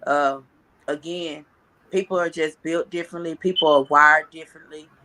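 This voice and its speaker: A man co-hosting a casual commentary chat, talking reflectively and haltingly with many pauses. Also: fairly high pitch, steady tone, sharp tone. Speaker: co-host.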